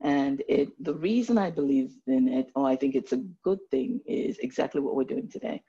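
A woman of Nigerian background speaking as a doctor on an online panel, animated and fond of slipping into put-on accents. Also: extremely low pitch, normal speed, slightly rough. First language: Nigerian English background. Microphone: video call. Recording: muffled video call audio.

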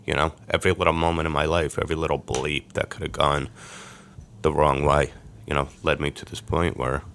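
A man, a podcast guest, telling his life story in a lively way and acting out the voices of people he quotes. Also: very deep voice, a little fast, slight background noise. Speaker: podcast guest, sports agent. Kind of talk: storytelling interview.

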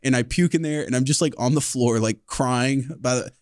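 A man in a casual podcast chat, telling a story at length. He rambles with lots of fillers and curses freely, at an ordinary mid pitch. The room sound is dry and close. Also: normal speed, darkish tone, dry recording. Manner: rambling, filler-heavy, profane. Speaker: podcast guest.

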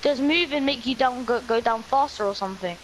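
A man's voice: very high-pitched, brisk, fairly bright tone. Guy, frustrated gamer rant, noisy mic. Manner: swearing, frustrated ranting. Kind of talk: casual gaming chat.

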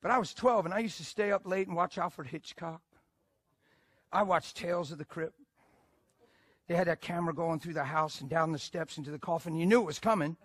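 A man's voice: on the high side, a little fast, pauses often, no echo. Emphatic male preacher, dry sound. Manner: animated, emphatic, swings from loud to hushed. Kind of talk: sermon storytelling.

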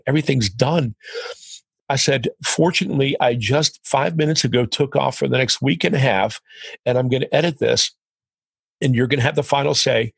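A man's voice: mid-range voice, creaky, slightly rough, no echo. A middle-aged man, a podcast guest, telling a story in conversation, acting out the lines of others as he goes. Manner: animated, quotes others in dialogue.

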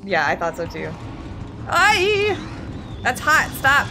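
Her voice is lowish and creaky, at normal speed: an Australian woman casually chatting on a live platform-game stream. Over the game music, she yelps and laughs excitedly at the gameplay.

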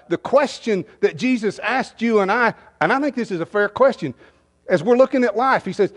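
A man with a high voice preaches a sermon in a conversational way. He poses rhetorical questions to the congregation and slips into quoted dialogue as he retells scenes. He sounds like a pastor in his fifties. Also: expressive, normal speed. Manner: acts out dialogue in quoted lines.

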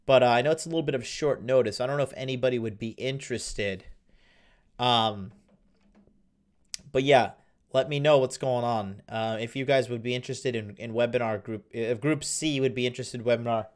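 Young male livestream host, casual rambling chat, mid-pitched voice, computer mic. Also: clean tone. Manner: rambling, with frequent fillers and restarts. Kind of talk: casual livestream chat reading viewer comments.

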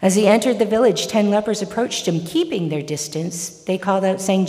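A woman's voice: mid-range voice, fairly quick. A woman preacher giving a sermon and reading scripture, telling stories expressively, in a large church. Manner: expressive storytelling. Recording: long church reverb.

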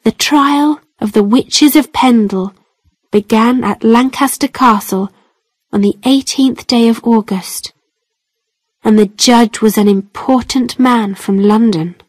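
A woman's voice: a little high, slow, no room sound. A woman narrating a graded storybook for English learners in plain, carefully spaced phrases.

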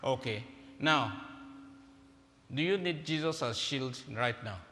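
A man's voice: medium pitch, lively intonation, slow, sharp tone, a little hiss or hum. A man giving a humorous, interactive sermon, directing volunteers on stage in a large auditorium. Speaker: guest preacher. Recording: echoey hall with faint ambience.

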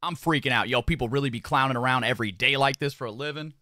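A man's voice: medium pitch, fast, pushed and bright, dry recording, studio quality. Slangy, profane young man streaming. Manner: profane, slangy, rambling with repeated phrases. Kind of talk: casual livestream chat while doing makeup.

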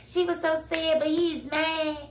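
A woman's voice: extremely high pitch, little pitch movement, measured pace, voice pushed up. A woman putting on the voice of a lovestruck, desperate young woman who gushes breathlessly. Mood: gushing. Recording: echoey room, faint background noise.

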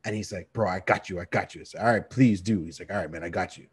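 Animated man telling a story. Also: deep voice, quick pace, breathy edge, dry recording. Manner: animated storyteller, acts out friends' voices and laughs a lot. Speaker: podcast co-host. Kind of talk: casual storytelling chat.

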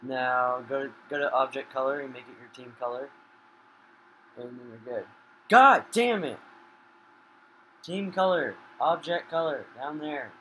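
Dude yelling and cussing at his game, bright sharp voice, faint hiss in the background. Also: medium pitch, moderate pace, poor audio. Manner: swears a lot, flares into loud rage. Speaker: gamer. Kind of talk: casual gaming commentary.

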